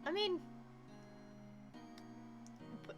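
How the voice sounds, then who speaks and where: A woman's voice: drawn-out words, soft background music. A British woman streaming a game, chatting with viewers in a playful, crude, joking way. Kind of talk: casual gameplay commentary.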